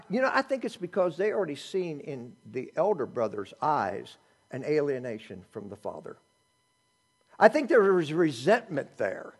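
Animated pastor, lively pitch. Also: male voice, moderate pace, breathy edge. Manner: animated, joking asides, shifts from loud to hushed. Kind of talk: sermon.

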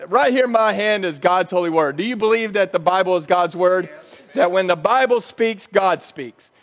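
A pastor preaching a sermon in a church, conversational and joking between points. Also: male voice, high voice, long reverb tail. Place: church sanctuary.

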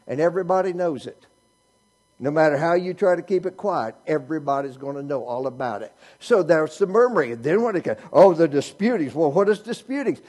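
A high-voiced man preaches with husky grain in his voice. His pitch leaps and swoops as he fires rhetorical questions at the pews and teases the congregation. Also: a little fast. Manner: animated preaching, rhetorical questions, teasing humor. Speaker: pastor. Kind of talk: sermon.

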